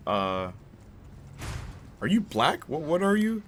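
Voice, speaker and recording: This young gaming host talks slowly and pauses often, his fairly high voice swinging widely in pitch. He rambles, telling stories in casual chat over his gameplay.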